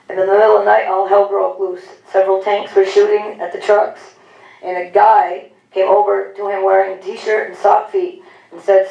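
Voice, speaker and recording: A woman's voice: mid-range voice, flat delivery, normal speed, gravelly, warm tone, dull audio. Woman reading tributes in an echoey hall. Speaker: announcer reading veterans' service stories. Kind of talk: read-aloud tributes at a public event. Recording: echoey room, distant mic, faint noise.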